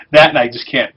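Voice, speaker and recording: A man's voice: fairly high pitch, fairly bright tone, breathy edge, low-quality recording. Jokey man chatting over gameplay. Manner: jokey, reads quest text aloud. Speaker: livestream host playing a game. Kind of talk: casual chat over gameplay.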